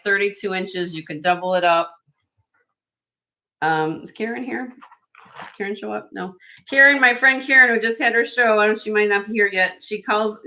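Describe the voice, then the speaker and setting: A woman's voice: medium pitch, bright, forceful tone. A woman hosting a live online jewelry auction, chatting upbeat with viewers and laughing often. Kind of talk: live-stream auction chat.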